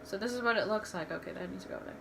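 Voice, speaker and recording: A woman's voice: mid-range voice, very fast, gravelly, slight background noise. A young woman tells personal stories in a candid, rambling home vlog, restarting her sentences often. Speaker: vlogger. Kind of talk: casual storytelling vlog.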